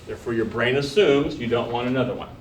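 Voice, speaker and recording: A man teaches a college biology class, lecturing casually and firing questions at his students. His voice is medium-pitched and quick. The recording was made from a distance in an echoey classroom, with slight background noise.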